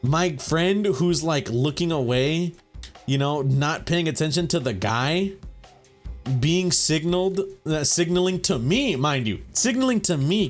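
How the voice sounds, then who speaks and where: Animated young man telling a profane story. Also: a little high, measured pace, soft background music. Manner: rambling, profane, says bro and you know a lot. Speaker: gaming channel host. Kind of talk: casual storytelling over gameplay.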